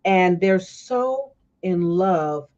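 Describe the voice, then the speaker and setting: A woman's voice: on the low side, drawn-out words. A woman hosting a casual talk stream, telling stories with energy and acting out the people she quotes. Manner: animated storytelling, acts out quoted voices. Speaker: host. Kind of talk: casual chat. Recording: dull lo-fi stream audio.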